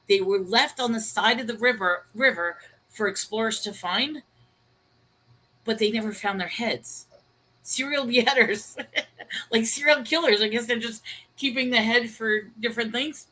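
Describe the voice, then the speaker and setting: A woman co-hosts an online talk show, telling stories with lively, chatty energy. Her voice sits a little high and sounds bright and forceful. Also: normal speed, rough recording. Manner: animated storytelling, chatty. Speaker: co-host. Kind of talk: casual online chat.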